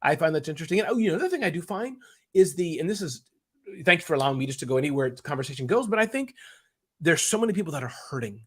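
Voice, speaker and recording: A man chats as an interview guest. He rambles and gets emotional as he goes, and his voice stays animated throughout. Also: a little high, rapid-fire, husky. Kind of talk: casual interview chat.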